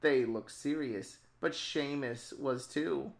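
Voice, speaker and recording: A woman narrating a silly improvised tale for friends on a livestream. She talks at an unhurried pace and keeps slipping into giggles. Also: very deep voice, creaky. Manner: giggly, often breaking into laughter mid-story. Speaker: storyteller. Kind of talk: casual comedic storytelling on a stream.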